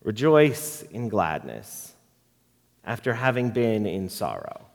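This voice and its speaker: Slow reflective male preacher in a hall. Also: on the low side, creaky. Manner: slow, reflective, expressive delivery. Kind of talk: sermon with poetry reading. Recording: long reverb of a large hall.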